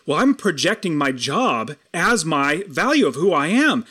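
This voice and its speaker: A man's voice: on the high side, husky. A man, a guest in conversation, earnestly telling a personal story and shifting his pace for emphasis. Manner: earnest, animated storytelling, speeding up and slowing down for emphasis.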